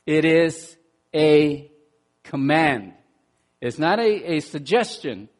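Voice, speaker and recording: Animated male preacher with loud bursts. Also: a little high, slow pace. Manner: repeats words when restarting. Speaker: pastor. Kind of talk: sermon.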